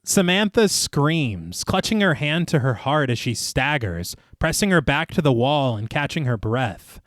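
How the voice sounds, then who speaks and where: Man, horror podcast co-host, lively pitch, dry sound, narrating film plot. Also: measured pace, no echo.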